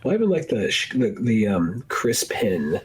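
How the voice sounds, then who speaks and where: A man's voice: on the low side, very animated, normal speed, slightly rough, rough recording. A man co-hosting a podcast, chatting casually and at length about a film, often acting out lines from it in a raised voice. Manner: rambling, acts out movie lines in raised voices. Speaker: podcast co-host. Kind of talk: casual film review chat.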